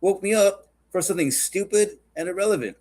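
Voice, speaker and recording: A man's voice: high voice, a little fast, darkish tone, voice pushed up. A man voicing a grumpy male lion, woken from sleep, who hands down curt, irritated rulings.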